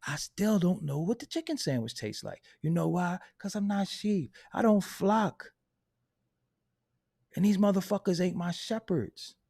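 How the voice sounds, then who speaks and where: A man hosting a hip hop commentary channel, delivering a loud, profane, unfiltered rant and laughing at his own points. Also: sits high, vocal fry. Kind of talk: unfiltered ranting monologue.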